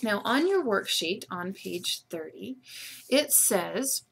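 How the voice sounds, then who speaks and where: A woman teacher giving a patient spelling lesson to students over a webcam, slowly sounding out letters and syllables. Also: mid-range voice, very animated, gravelly, husky. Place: room with a whiteboard. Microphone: webcam microphone.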